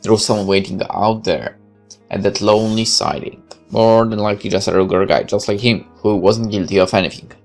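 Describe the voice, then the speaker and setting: A man's voice: fairly low pitch, fairly even intonation, fairly quick, vocal fry, a little mellow, soft background music. A man reading a visual novel aloud as narrator, with occasional casual asides.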